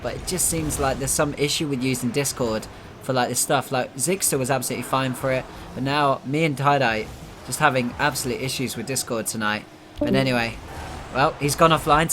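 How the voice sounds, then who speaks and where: A man from the United Kingdom casting a live esports match, chatty between plays and bursting loudly at every goal. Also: medium pitch, slight background noise. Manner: excitable, jumps up loudly at goals, chatty asides. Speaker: esports caster. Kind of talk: live play-by-play commentary.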